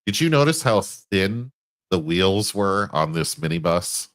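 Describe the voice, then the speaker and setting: Deep low-voiced guy, laid back comic chat, lots of yeahs. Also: big pitch swings, a little slow, fairly bright tone, no room sound. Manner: easygoing, backs up his co-host with short replies. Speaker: comic book reviewer, co-host. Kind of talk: casual conversational chat.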